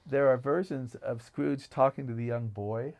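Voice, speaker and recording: A man's voice: medium pitch, fairly even intonation, moderate pace, a little mellow. A man co-hosting a podcast, talking about films in an enthusiastic, rambling way. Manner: enthusiastic, digressive storytelling. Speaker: podcast co-host. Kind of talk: casual film discussion.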